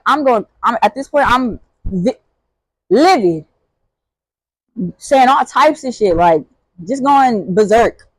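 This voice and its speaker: Young woman, casual storyteller, slangy and animated, slightly high-pitched, dry recording. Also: dry recording, poor audio. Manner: animated, swings into high-pitched shouts when reenacting; casual slangy talk with many fillers. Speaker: vlogger.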